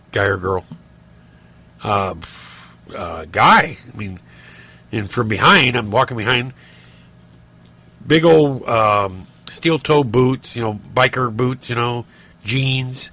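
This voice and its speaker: A man's voice: mid-range voice, sharp tone. A middle-aged man hosting a podcast, telling rambling stories and ranting with lots of restarts and fillers. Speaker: podcast host. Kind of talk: casual monologue.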